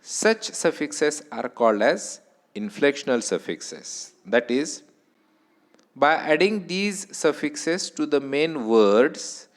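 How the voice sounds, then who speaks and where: A man with an Indian English accent giving a recorded lecture, explaining slowly and deliberately and repeating key points. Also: a little high, expressive. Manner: slow, deliberate teaching with repetitions.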